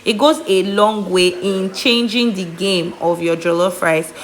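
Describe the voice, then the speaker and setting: A woman's voice: mid-range voice, unhurried. A woman with a Nigerian accent, talking through a cooking tutorial in a chatty, emphatic, playful way. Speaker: cooking vlogger.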